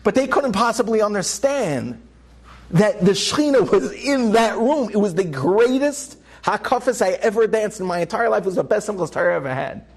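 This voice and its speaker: A husky-voiced man, a rabbi, tells a personal story to listeners. His telling is lively, with laughs slipping in and his voice climbing as the story builds. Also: high voice, moderate pace. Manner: lively, laughs while telling, voice rising with excitement. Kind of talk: animated storytelling talk.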